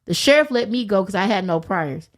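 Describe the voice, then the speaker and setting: Brief: young adult woman guest, mid-pitched, lively profane storyteller, frequent laughter. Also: a little fast. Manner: animated, profane, laughs often. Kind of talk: casual storytelling.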